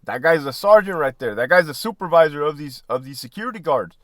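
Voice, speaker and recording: A man's voice: a little high, fast, no room sound, studio quality. A middle-aged man, a former prison guard and army veteran, talking casually and profanely, laughing often. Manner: animated, swearing, laughing often.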